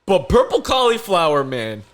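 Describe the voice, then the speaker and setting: A man's voice: high voice, sing-song, normal speed. A young man co-hosting a podcast, telling a story in casual chat, profane and laughing often. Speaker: podcast co-host.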